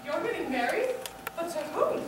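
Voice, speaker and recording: A young woman playing an excitable, dramatic young showgirl bride. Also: extremely high pitch, normal speed. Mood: surprised. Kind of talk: stage musical acting. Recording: echoey auditorium, distant mic, noisy.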